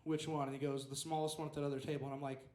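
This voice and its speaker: A man's voice: on the high side, little pitch movement, rapid-fire, a little mellow, roomy sound. A young man telling a rambling story at an open mic stand-up set, acting out the quotes. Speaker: stand-up comedian. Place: small club stage.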